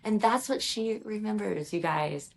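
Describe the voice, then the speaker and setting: A woman guest on a podcast, talking earnestly and telling stories to listeners, now rushing and now slowing down. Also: mid-range voice, gravelly. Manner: earnest, storytelling, addresses listeners as "you guys". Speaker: guest, executive performance strategist. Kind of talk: podcast interview talk.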